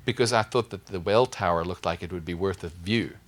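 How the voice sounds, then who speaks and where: A man preaching a sermon through a personal story, lively, acting out the dialogue in a raised voice. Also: low voice, brisk, a little hiss or hum. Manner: animated, acts out dialogue in a raised voice.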